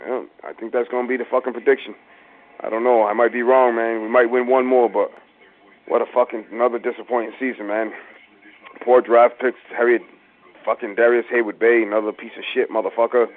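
Profane fan calling in on a phone. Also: male voice, fairly low pitch. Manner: profane, emphatic, keeps saying "man". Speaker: caller. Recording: tinny phone line.

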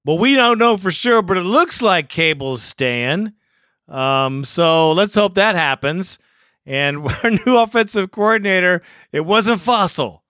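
A man's voice: high voice, animated, measured pace, bright, forceful tone, no echo, studio quality. A man hosting a fan call-in show, chuckling and bantering loosely with callers. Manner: laid-back, chuckling banter. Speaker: host.

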